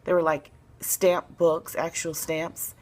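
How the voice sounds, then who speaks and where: A woman from Memphis, Tennessee, telling a personal story to camera in a soft-spoken, relaxed way with plenty of fillers. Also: sits low, takes it slowly, rough recording. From Memphis, Tennessee, USA.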